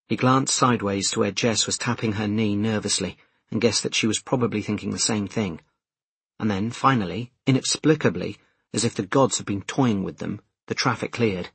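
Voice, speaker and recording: Husky male audiobook narrator. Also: lowish voice, no echo. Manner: measured, expressive storytelling.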